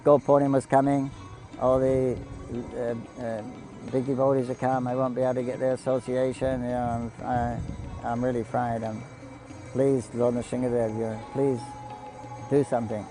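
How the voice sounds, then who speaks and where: A man giving a devotional talk, telling stories in a halting, anecdotal way and quoting the people in them. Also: medium pitch, level tone, over music, rough recording. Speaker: devotee storyteller on a pilgrimage broadcast.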